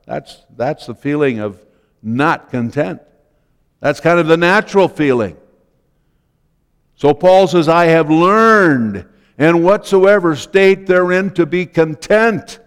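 Slow-preaching man in a reverberant church. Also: a little high, lively intonation, smooth. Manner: slow, deliberate preaching with repeated phrases. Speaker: pastor. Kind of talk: sermon.

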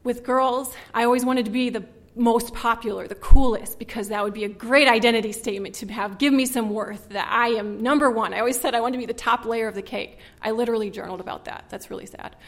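A woman giving a personal testimony in an earnest, conversational way, with frequent "like" and a voice that drops hushed at painful points. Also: fairly high pitch, fairly even intonation, fast, hardly any pauses. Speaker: speaker sharing her testimony.

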